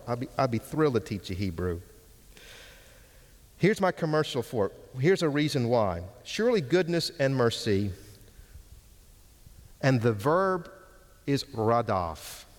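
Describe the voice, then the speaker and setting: A man teaching Hebrew from the pulpit, preaching slowly and emphatically, repeating words for stress. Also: medium pitch. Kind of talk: sermon with Bible exposition. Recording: long hall reverb.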